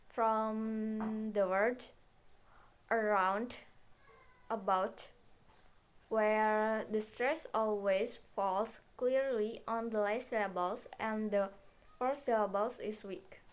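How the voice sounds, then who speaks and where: A woman's voice: a little high, steady tone, takes it slowly, smooth. A young woman, a native Indonesian speaker, reading a class presentation carefully, with restarts and self-corrections. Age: young adult. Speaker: student presenter.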